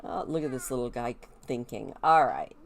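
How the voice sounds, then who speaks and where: A woman's voice: very deep voice, animated, moderate pace. A woman, chatting casually as she narrates a life-sim game and talks to the characters. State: stuffy nose. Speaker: gameplay video host. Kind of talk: casual gameplay commentary.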